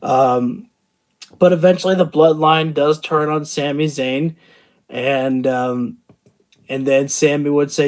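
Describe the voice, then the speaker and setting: A man's voice: a little high, fairly even intonation, slow. Rambling tired man reviewing a show. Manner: rambling, thinking aloud with many fillers. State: tired from the late hour. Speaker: wrestling channel host.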